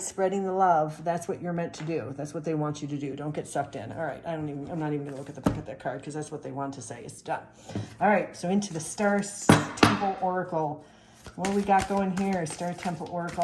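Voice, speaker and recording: Chatty middle-aged lady reading spirit cards, low voice, echoey room. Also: a little mellow. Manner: chatty, upbeat, storytelling. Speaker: tarot and oracle card reader. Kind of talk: casual spiritual card reading.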